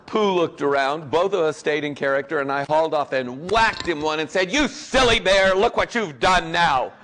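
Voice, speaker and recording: A man giving a guest of honor speech at a convention, telling jokes and anecdotes in a rambling way, breaking off often with fillers and restarts. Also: medium pitch. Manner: rambling, joking, self-interrupting with fillers.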